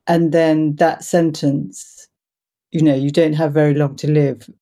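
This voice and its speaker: A woman hosting a podcast interview, asking gentle, empathetic questions. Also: low voice, flat delivery, a little slow. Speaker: podcast host.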